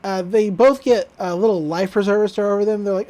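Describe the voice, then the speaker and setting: A woman co-hosting a podcast gives a casual recap, chatty and giggly, with frequent fillers and laughs. Her voice is mellow and medium-pitched, with fairly even intonation and a fairly quick pace.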